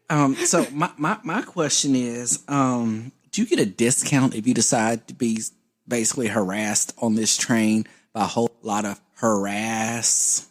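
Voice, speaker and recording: A man co-hosting a comedy podcast who talks in a laid-back, wry way. His voice sits at an ordinary middle pitch, and he drops joking asides while telling his story. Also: measured pace. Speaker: podcast co-host. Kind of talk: casual comedic chat.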